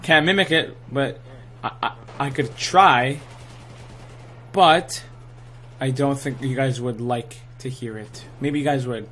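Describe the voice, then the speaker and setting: A young man giving excitable, trash-talking live commentary over his own gameplay, full of gamer slang. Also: medium pitch, takes it slowly, pauses often, a little hiss or hum. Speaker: gaming channel host.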